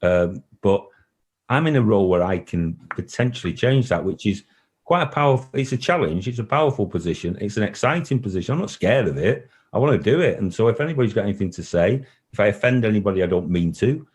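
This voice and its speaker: Man, very deep voice, earnest, repetitive, club boss on a call. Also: expressive, fast talker, a little mellow. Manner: earnest, repeats himself, emotional at times. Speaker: football club chief executive. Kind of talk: interview answers. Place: call recording.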